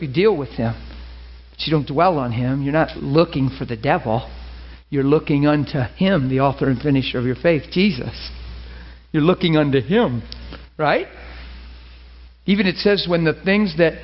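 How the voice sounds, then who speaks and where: An emphatic male preacher with a high voice tells stories in a sermon. The recording sounds dull and lo-fi. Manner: emphatic, storytelling, laughs often.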